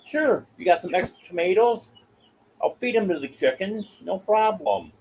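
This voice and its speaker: A man hosting a casual live stream from his homestead, hoarse as his voice gives out, telling folksy stories and answering chat. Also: high voice, expressive, moderate pace, darkish tone, a little hiss or hum, poor audio. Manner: folksy storytelling, replies to chat. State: voice giving out, hoarse. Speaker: livestream host.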